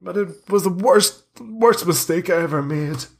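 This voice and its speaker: A man's voice: unhurried, creaky. Man doing a panicky, stammering coffinmaker. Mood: fearful. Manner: panicky, stammering, high and pleading. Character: terrified jittery middle-aged male coffinmaker.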